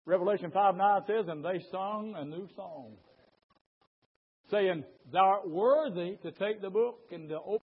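A man preaching a sermon, his fervent delivery swinging from low murmurs to loud shouting. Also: measured pace, slightly rough, narrow, tinny audio.

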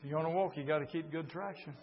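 Gravelly older preacher, folksy. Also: male voice, fairly high pitch, very fast. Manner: folksy storytelling, swings from quiet to shouting. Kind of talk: sermon. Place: church meeting. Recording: dull lo-fi recording with mains hum.

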